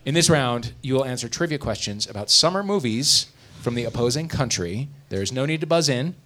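Lively laughing man hosting a game. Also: mid-range voice, a little fast, slight background noise. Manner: lively, laughing, playful emcee. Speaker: game show host. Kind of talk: live comedy panel hosting. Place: live venue before an audience.

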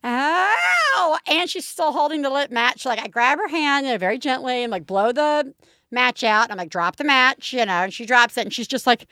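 A woman in her thirties, a podcast co-host, telling a story in casual chat, animated and full of "like". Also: high voice, a little fast, dry recording, clean studio sound.

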